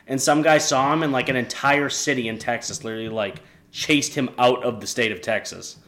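A man's voice: medium pitch, a little fast, fairly bright tone. A young man from New Hampshire co-hosting a podcast, cursing constantly and tripping over repeated restarts in casual chat. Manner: profane, rambling, stammering restarts. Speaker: podcast co-host.

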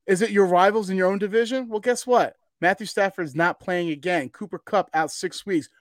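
A man co-hosting a casual sports talk show, excitable and argumentative, often stammering and restarting. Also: sits high, brisk, no room sound, studio quality. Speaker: podcast co-host.

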